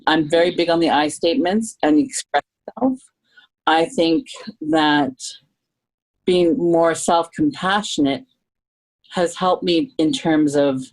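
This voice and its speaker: A middle-aged Canadian woman with a notably low voice talks as a podcast guest. Her delivery is earnest and reflective. She thinks aloud and often circles back to restart a sentence. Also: a little mellow, poor audio.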